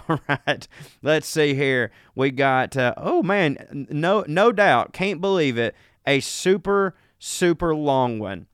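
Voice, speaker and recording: Folksy Southern man, smooth dry voice. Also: fairly high pitch, expressive, slow, a bit bright, no echo. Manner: joking, folksy, self-mocking. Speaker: comedy podcast co-host. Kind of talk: casual chat, reading listener emails.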